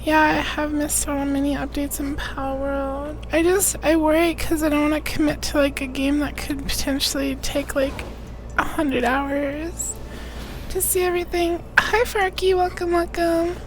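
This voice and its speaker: High-voiced woman streamer, clearing her throat. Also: level tone, normal speed, music in the background, rough recording. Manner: greets chatters by name one after another; rambling, trailing restarts. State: throat irritated, clearing throat often. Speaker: live streamer. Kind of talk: casual chat with stream viewers.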